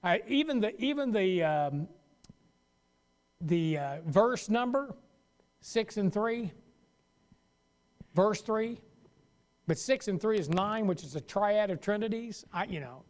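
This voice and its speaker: A man's voice: high-pitched, lively intonation, slow, pauses often. A man pastor teaching a Sunday school Bible lesson in a loose, conversational way, often stopping mid-sentence to restart.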